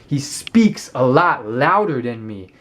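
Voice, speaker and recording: A man's voice: mid-range voice, sing-song, slow pace, fairly bright tone. Rambling, hesitant man. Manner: rambling, hesitant, lots of ums. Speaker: vlogger. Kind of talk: casual talk to camera.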